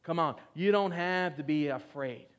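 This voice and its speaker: A man's voice: on the high side, clear, resonant tone. A middle-aged male pastor preaching a sermon, reading scripture with emphasis and urging his congregation to respond. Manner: exhorting, calls for congregation responses; reads scripture emphatically, slowing on key phrases.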